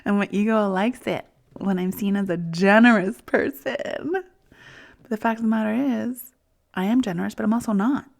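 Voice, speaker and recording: A woman in her forties hosting a reflective personal monologue, gentle and self-soothing, often dropping to a soft whisper. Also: mid-range voice. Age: 40s. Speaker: podcast host.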